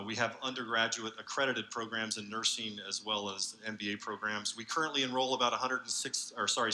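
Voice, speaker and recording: A man giving an earnest conference talk as a university researcher, speaking haltingly with many fillers. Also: lowish voice, bright, forceful tone, a little hiss or hum, poor audio. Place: large convention hall.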